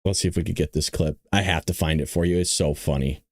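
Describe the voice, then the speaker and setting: A man's voice: sits low, steady tone, quick pace, no room sound, studio quality. A man hosting a morning news commentary show in a casual, sarcastic manner, often laughing. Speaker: host.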